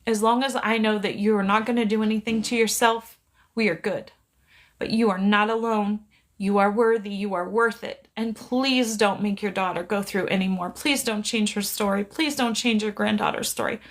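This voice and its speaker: A middle-aged woman, a psychic medium, talking gently and pleadingly into her phone on a live stream, reassuring a viewer in one side of a conversation. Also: mid-range voice, steady tone, normal speed.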